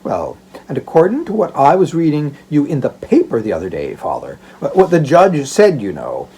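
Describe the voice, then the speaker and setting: A man's voice: on the high side, wildly swooping pitch, normal speed, dark tone, husky, heavily acted, low-quality recording. A man voicing a playful young working-class daughter in an audiobook, teasing and bubbly. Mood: cheerful. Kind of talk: audiobook reading.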